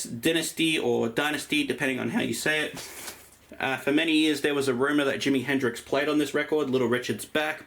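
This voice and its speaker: An Australian man with a fairly high-pitched, fairly bright voice casually shows off his vinyl collection. He's a record collector vlogger doing a laid-back show-and-tell, rambling through the records with plenty of ums and uhs.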